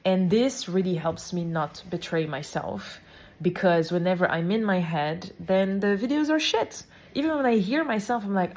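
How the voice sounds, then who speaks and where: A lively woman with a French accent, talking through her thoughts in a relaxed podcast monologue. Her voice sits a bit low for a woman. She swears casually and slips into French expressions mid-sentence. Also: moderate pace. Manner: energetic, swears freely, drops French phrases. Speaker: podcast host.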